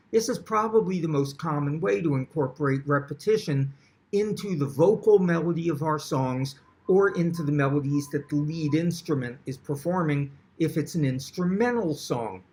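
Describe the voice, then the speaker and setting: A man teaching songwriting in a presentation, explaining patiently and breaking into short sung examples and wry jokes. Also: on the high side. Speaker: songwriting instructor. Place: video presentation recorded for an online event.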